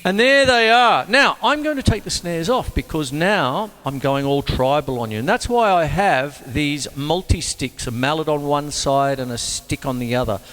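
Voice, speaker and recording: A man teaching drums in a casual, jokey way, talking between demonstrations and breaking into sudden high exclamations. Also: expressive, moderate pace, few pauses. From Australia. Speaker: drum teacher and show host. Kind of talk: casual drum lesson with demonstrations. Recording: reverberant room with loud drumming behind.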